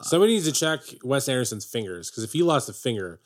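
A man's voice: mid-range voice, big pitch swings, fast. A man co-hosting a casual podcast, chatting about films in a wry way and swearing casually. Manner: wry, swears casually, acts out movie quotes. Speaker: podcast co-host. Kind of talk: casual movie chat.

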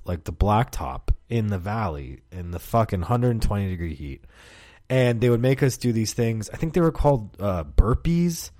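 A man's voice: fairly low pitch, darkish tone, no echo, clean studio sound. Man telling stories, rambling and profane. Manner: rambling, profane, laughs often. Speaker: podcast host. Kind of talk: casual storytelling monologue.

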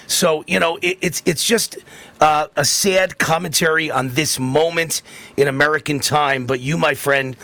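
A man's voice: on the high side, steady tone, normal speed, bright, forceful tone, no room sound. A man hosting a political talk radio show, talking in an emphatic, heated way with lots of repetition.

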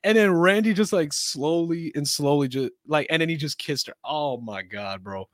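Man, podcast host, casual rambling delivery, a bit high-pitched, dry close mic. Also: normal speed, no room sound. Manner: loose, rambling, profane, lots of fillers. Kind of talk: casual sports and wrestling chat.

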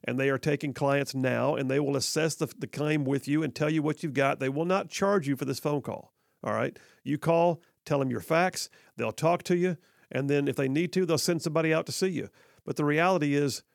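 Folksy radio host with gravelly voice. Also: male voice, on the high side, dry recording, studio quality. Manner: folksy, joking, drawling when slowing down. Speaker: radio talk show host. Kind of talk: casual talk radio with live ad read. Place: radio studio. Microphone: studio microphone.

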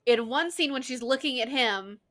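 A woman giving casual, sarcastic running commentary on a film she is watching with a friend. She swears freely and talks in an animated way. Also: sits high, moderate pace. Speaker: co-host reacting to a film.

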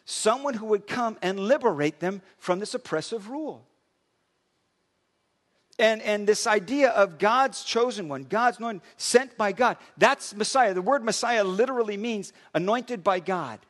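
A man preaching a sermon in a high, very lively voice that leaps up and down. He talks conversationally and often repeats himself mid-sentence. His words ring out with a long reverb, as in a large church hall. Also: a little slow.

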